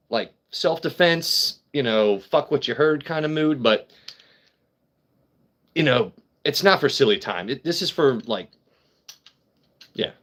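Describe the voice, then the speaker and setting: A man's voice: medium pitch, a bit bright. A man hosting a casual livestream and chatting to his viewers while drinking, rambling, joking and swearing freely. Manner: rambling, talks straight to chat viewers. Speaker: livestream host.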